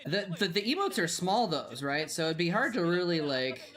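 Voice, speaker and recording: A man's voice: fairly high pitch, very animated, normal speed, fairly bright tone. A man streaming a watch party of old pro games, giving casual commentary and chatting with viewers in a rambling, easygoing way. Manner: rambling, chatty, reading chat aloud. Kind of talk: casual game commentary and chat.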